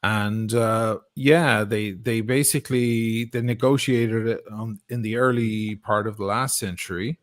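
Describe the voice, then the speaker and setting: A middle-aged Irish man telling stories in a casual chat, animated and quick to swear and laugh. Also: lowish voice. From Ireland. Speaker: guest.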